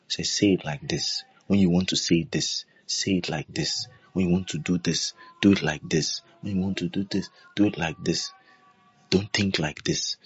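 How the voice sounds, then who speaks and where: A man's voice: low-pitched, moderate pace, husky, soft background music. A man preaching a sermon, emphatic and repetitive, acting out prayers in his own voice. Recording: dull lo-fi sound.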